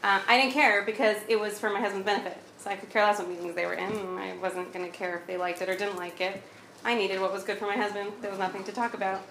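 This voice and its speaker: A woman telling a personal story in a blunt, lively way, acting out both sides of past conversations. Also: medium pitch, fast, creaky. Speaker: speaker sharing her story. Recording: echoey room with faint noise.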